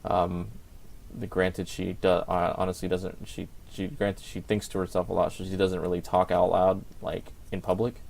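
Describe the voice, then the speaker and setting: Young man, very deep voice, casual podcast chat, rambling, lots of fillers. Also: little pitch movement, moderate pace, vocal fry, darkish tone. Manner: rambling, full of fillers and restarts. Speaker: podcast co-host.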